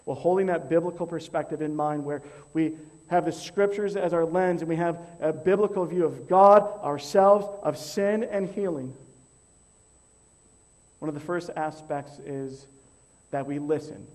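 A man preaching as a pastor, teaching in a measured, emphatic way and counting off numbered points. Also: on the high side, a little mellow. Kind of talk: teaching sermon.

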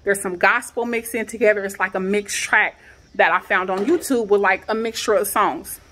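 An upset woman in her thirties recounts a story straight to her viewers. She talks fast and with feeling, her pitch sitting mid-range, and she builds to emotional, near-shouted questions. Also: fairly even intonation, a little hiss or hum. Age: 30s. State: shaken. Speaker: vlogger. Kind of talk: emotional personal vlog. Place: her home garage.

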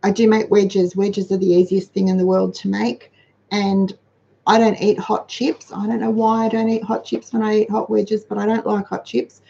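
A woman's voice: medium pitch, little pitch movement, normal speed, vocal fry, dark tone, lo-fi sound. A middle-aged woman hosting a casual live chat, practical and talkative as she answers viewers. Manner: chatty, practical, reads out viewer comments. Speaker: host of a money-saving livestream.

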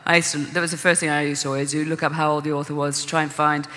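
A woman's voice: deep voice, little pitch movement, very fast, fairly bright tone. A woman novelist talking on a festival panel, thinking aloud with restarts and the odd laugh. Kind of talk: casual panel discussion. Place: conference hall. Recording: reverberant hall.

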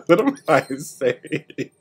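A man's voice: high-pitched, fairly bright tone. A man streaming a video game live, complaining and swearing in casual commentary. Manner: exasperated, profane trash talk. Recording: noisy stream audio with clicks.

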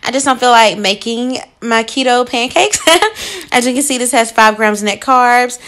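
A young woman chats through her day in a relaxed vlog, laughing often and calling her viewers y'all. Her voice sits a little high and has a bright, clear edge. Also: unhurried. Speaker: vlogger. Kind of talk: casual vlog chat.

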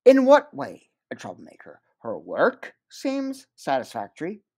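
A man's voice: a little high, wildly swooping pitch, measured pace, mellow, breathy edge, voice pushed up, heavily acted. A man doing a stiff, curt company agent. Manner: clipped, formal.

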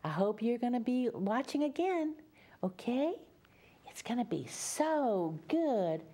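At story time, a Louisiana woman with a matching accent tells a children's tale in a mellow, slightly high voice that swoops up and down in a sing-song lilt. She coaxes her young listeners to join in, speaking directly to them. Her pace is unhurried and gentle.

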